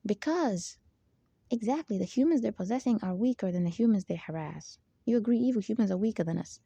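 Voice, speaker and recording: A woman's voice: medium pitch, lively intonation, fairly quick, gravelly, warm tone, husky, dry recording, muffled recording. A woman hosting her own channel, talking in an emphatic, rambling spiritual monologue full of asides. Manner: emphatic, digressive, frequent "there you go". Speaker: channel host.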